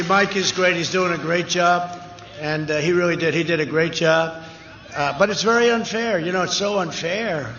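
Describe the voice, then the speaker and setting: Speaking off the cuff to a large outdoor rally, this political speaker is emphatic, repeats himself, and drifts into rambling tangents. His fairly high, animated voice has a sharp edge and moves at a moderate pace. The echoey PA recording has its highs cut off, slight background noise, and a cheering crowd.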